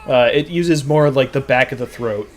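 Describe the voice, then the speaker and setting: A man's voice: mid-range voice, moderate pace, slight background noise. A man from Maine with a faint Maine accent, chatting casually and explaining things at length while playing a game. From Maine, USA. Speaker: gaming video host. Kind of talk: casual gaming commentary.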